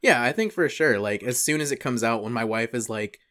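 A young man co-hosting a podcast, joking and laughing often, reading an answer aloud with deadpan asides. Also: mid-range voice, a little fast. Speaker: podcast co-host. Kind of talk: casual comedic chat, reading an answer aloud.

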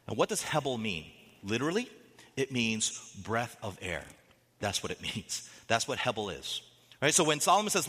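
A man preaching a sermon as a pastor, animated, with dramatic quotes and rising emphasis. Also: mid-range voice, moderate pace, slightly rough, long reverb tail.

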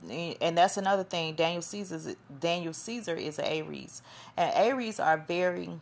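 Speaking at a moderate pace in a fairly low, gravelly voice, a female podcast host rambles through casual monologue commentary. Her chatty talk often drifts as she loses track of her thoughts.

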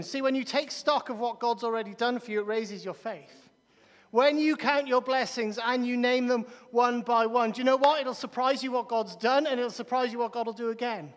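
A man preaching a sermon in a church, emphatic and repeating key phrases, with quick restarts. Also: very high-pitched. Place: large church hall. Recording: long reverb of a large church hall.

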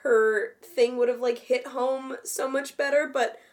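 Chatty high-voiced woman co-host. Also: fairly even intonation. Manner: chatty, backs up her co-host with quick agreement and laughter. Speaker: podcast co-host. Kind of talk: casual chat.

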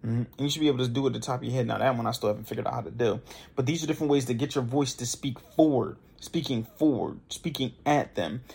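Casual young male podcaster, gravelly and husky, easygoing coaching delivery. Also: medium pitch, steady tone, very fast, a little mellow. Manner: loose, conversational, demonstrates voice exercises. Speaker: podcast host. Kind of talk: casual instructional talk.

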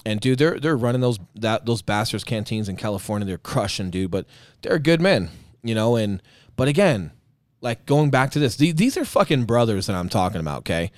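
This podcast guest is a middle-aged man who served in the Marines, and he speaks in a fairly low, fairly quick voice with no room sound. Telling a story casually, he curses heavily and performs other people's lines with animation.

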